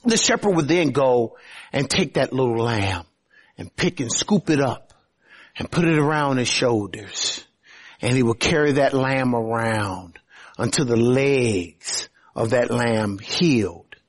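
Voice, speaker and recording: A man preaching a sermon, explaining scripture in an emphatic, conversational way with sudden swings between loud and quiet. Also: mid-range voice, lively intonation, measured pace, husky. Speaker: pastor.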